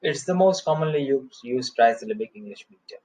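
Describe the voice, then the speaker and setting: Guy teaching poetry meter, slow careful explaining, chants the example lines. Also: medium pitch, lively intonation, darkish tone, rough recording. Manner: explains terms slowly, reads verse lines in a slow rhythmic chant. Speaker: English literature teacher. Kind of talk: recorded lecture.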